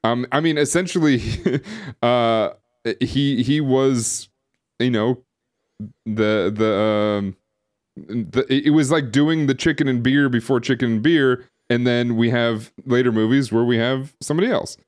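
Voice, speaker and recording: An unhurried man with a mid-range voice co-hosts a casual podcast. His talk rambles, filled with fillers and restarts, and is picked up by a streaming setup microphone.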